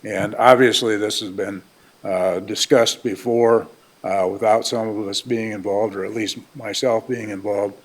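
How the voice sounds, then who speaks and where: A commissioner with a low voice speaks up at a public board meeting. He is measured and deliberate as he presses his point. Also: fairly even intonation. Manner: measured, raising a concern. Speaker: county commissioner.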